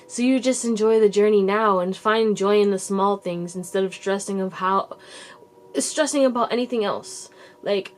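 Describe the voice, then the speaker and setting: A woman's voice: mid-range voice, darkish tone. A woman giving a casual pick-a-card tarot reading to her viewers. She talks in a loose, rambling way, full of likes and restarts, and calls the viewers baby and you guys. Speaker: tarot reader and channel host.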